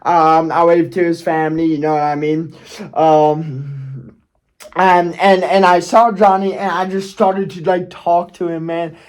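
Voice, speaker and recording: A YouTuber with a slightly high voice and a steady tone talks a little slowly in a casual storytelling vlog. He rambles through a personal tale, restarting, swearing, and frequently checking in with "okay?"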